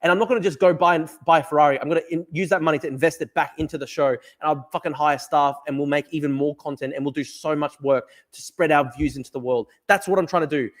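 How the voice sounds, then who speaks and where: A man's voice: a little high, fairly even intonation, fast, few pauses. A young man hosting a livestream from his desk, talking in a fired-up, profane, rambling way as he reads chat. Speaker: livestream host. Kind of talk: casual livestream talk reading chat. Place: at a desk at home. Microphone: desk camera mic.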